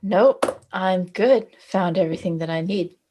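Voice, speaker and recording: Playing a tabletop role-playing game, a woman talks casually, hesitant, using fillers and occasionally swearing. She speaks a little slowly, with a fairly low pitch and a dark tone.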